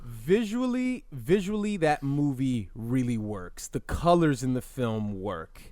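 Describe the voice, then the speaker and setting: A man's voice: mid-range voice, lively intonation, slow, a little mellow, dry recording. A man co-hosting a podcast, sarcastic and mock-serious, swearing freely in casual banter. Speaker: podcast co-host.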